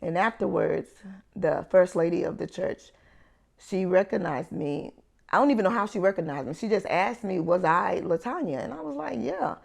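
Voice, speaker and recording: A woman's voice: lowish voice, moderate pace, vocal fry. A woman sharing a personal faith testimony in an earnest storytelling manner, acting out the dialogue she recalls. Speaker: ministry founder sharing testimony.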